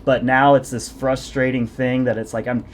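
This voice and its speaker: A man's voice: mid-range voice, flat delivery, normal speed, slight background noise. A man hosting a podcast, a fitness coach telling long self-deprecating stories in casual conversation. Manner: rambling, self-deprecating storytelling.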